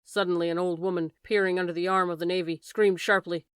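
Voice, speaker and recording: Low-voiced woman reading a classic novel. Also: little pitch movement, fast talker, smooth, dry recording, clean studio sound. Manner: raises voice sharply for shouted lines. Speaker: audiobook narrator. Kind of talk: dramatic audiobook reading.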